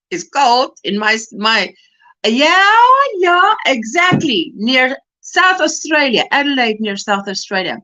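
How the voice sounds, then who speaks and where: A woman's voice: sits high, big pitch swings, slow pace, sharp tone. A woman from South Africa hosting a casual livestream, reading viewer comments and weather reports aloud and greeting people by name. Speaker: livestream host.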